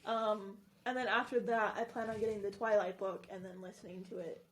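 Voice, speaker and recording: A woman's voice: medium pitch, fairly even intonation, a little fast. A woman co-hosting a podcast in casual chat, laughing often as she tells stories. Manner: laughing, loses her train of thought. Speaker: podcast co-host.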